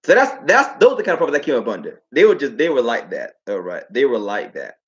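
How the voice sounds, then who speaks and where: A man hosting a casual livestream talk, telling stories with lots of repeated phrases and animated asides. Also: medium pitch, quick pace, lo-fi sound. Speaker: host.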